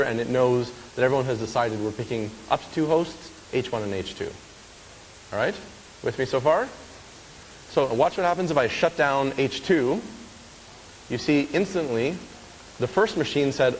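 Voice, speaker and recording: Man, conference speaker, casual live demo, chatty, checks in with the crowd, lingering hall reverb, light hiss. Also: medium pitch. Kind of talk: live technical demo talk.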